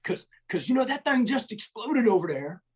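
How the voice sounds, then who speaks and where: A man putting on the voice of a gruff, profane male first sergeant who barks orders in a raised, higher voice. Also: sing-song, moderate pace, full character voice. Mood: scolding. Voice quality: barking, profane.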